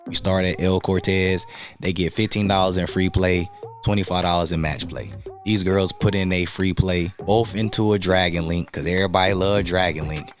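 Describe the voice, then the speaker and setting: A man's voice: deep voice, steady tone, normal speed, soft background music. A man from North Carolina telling a story in a casual, slangy way and acting out other people's lines.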